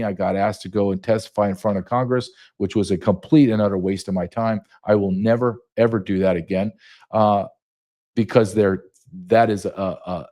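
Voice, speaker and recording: A man's voice: fairly low pitch, warm tone. Heated man telling a story in an interview. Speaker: guest, retired border agent. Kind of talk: podcast interview.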